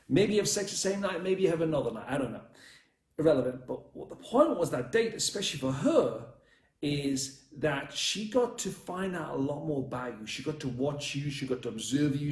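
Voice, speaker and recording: A man's voice: fairly high pitch, darkish tone. Blunt rambling man in an echoey room. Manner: rambling, blunt, swears freely, addresses live viewers. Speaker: dating coach. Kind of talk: live stream coaching talk.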